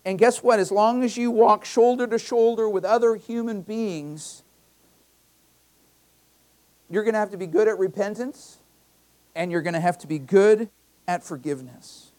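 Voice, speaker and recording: A man's voice: high-pitched, normal speed, long pauses, a little mellow. Male pastor preaching a conversational sermon. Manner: conversational preaching with personal anecdotes; emphatic, repeats key phrases. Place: church.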